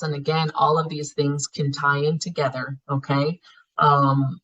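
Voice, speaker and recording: A woman's voice: low voice, level tone, a little slow, sharp tone, husky. Frank, casual woman teaching, muffled audio. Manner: frank and conversational, swears casually, acts out inner thoughts. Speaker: spiritual healing class facilitator. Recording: muffled lo-fi class recording.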